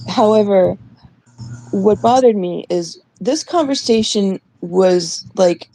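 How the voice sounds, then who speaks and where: A woman's voice: mid-range voice, a little slow, mellow, a little hiss or hum, rough recording. A young adult woman from Canada, co-hosting a podcast, telling a story in casual chat, acting out the voices she quotes and swearing freely. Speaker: podcast co-host.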